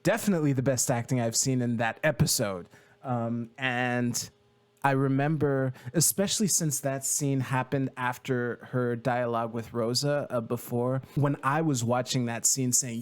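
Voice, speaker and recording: Casual young guy from quebec, talks tv, lots of ums and swearing, mid-pitched voice. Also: normal speed. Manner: rambling and loose, heavy fillers, casual swearing. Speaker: video creator. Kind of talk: casual TV commentary.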